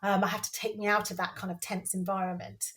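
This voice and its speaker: A woman's voice: medium pitch, flat delivery, quick pace, fairly bright tone. Earnest woman guest, mid voice. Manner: earnest, repeats phrases for emphasis. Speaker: podcast guest. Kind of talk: casual conversational interview.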